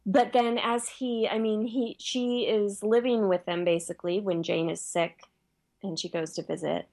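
A woman's voice: mid-range voice, fairly even intonation, normal speed, vocal fry, darkish tone. A woman in casual conversation, explaining her points in a matter-of-fact way. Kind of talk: casual chat.

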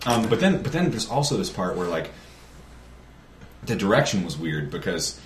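A man chatting casually about a movie, telling it as a rambling, animated story with lots of laughs. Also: low-pitched, normal speed. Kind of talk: casual chat, movie talk. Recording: echoey room, from far off, with noise.

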